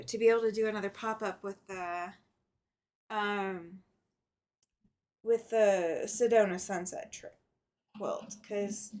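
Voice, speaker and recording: A woman's voice: fairly high pitch, a little hiss or hum. A middle-aged woman hosting a casual quilting livestream, chatting, reading viewer comments aloud and laughing often. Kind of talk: casual live chat while sewing.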